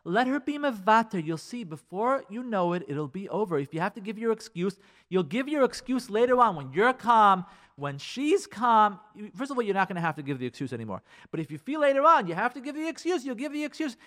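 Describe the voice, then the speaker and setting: An earnest man giving marriage advice on the radio, his voice a touch high and swinging widely as he stresses each point. He repeats himself for emphasis and slips into the voices of husbands and wives. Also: very animated, a little fast, fairly bright tone. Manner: acts out quoted spouses. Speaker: radio relationship advice speaker.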